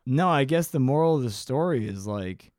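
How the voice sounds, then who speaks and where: A man's voice: medium pitch, lively intonation, normal speed, darkish tone, dry recording, clean studio sound. A man co-hosting a podcast, reading a fairy tale aloud in a casual, swearing, joking way. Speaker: podcast co-host. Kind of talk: casual storytelling chat.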